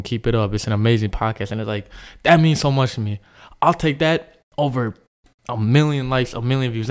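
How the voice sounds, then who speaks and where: Young man, podcast host, earnest, reflective, rambling, mid-pitched voice. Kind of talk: solo podcast monologue.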